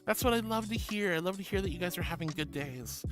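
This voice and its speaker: A woman's voice: lowish voice, lively intonation, fast talker. A woman streaming and reading her chat aloud, bubbly and sweet, calling viewers sweetie. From Florida. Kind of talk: casual chat. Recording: music playing behind.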